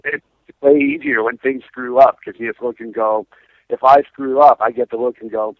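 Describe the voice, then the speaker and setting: A man's voice: medium pitch, normal speed, creaky, no echo. A man, a punk band singer, telling stories in a casual phone interview, laughing often and acting out what people said. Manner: animated storyteller, laughs often, acts out quotes. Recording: tinny phone line.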